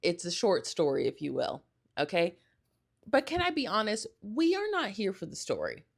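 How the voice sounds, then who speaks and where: A woman's voice: mid-range voice, wildly swooping pitch, normal speed, gravelly. Rambling, gushing young woman podcaster. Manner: gushing, rambling, with frequent "like" and self-corrections. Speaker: podcast host. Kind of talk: casual solo podcast chat.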